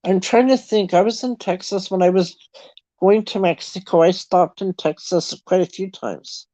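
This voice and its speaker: A woman's voice: lowish voice, fairly even intonation, moderate pace, dark tone, dry recording. Canadian woman, middle-aged, casual livestream host, dry close sound, slightly dull. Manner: chatty storytelling, laughs often. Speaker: livestream host chatting with viewers. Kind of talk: casual chat.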